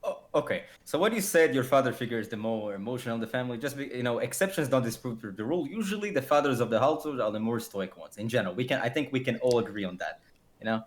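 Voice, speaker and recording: A man's voice: mid-range voice, fast. A man on a podcast arguing his view emphatically, acting out little quoted exchanges as he goes. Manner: emphatic, animated, acts out quotes. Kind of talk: casual debate.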